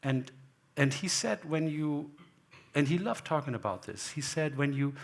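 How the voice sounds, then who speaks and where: A guest photographer with a fairly high, creaky voice talks at normal speed with lively intonation. Onstage in a gallery hall before an audience, he rambles through anecdotes and acts out conversations from memory.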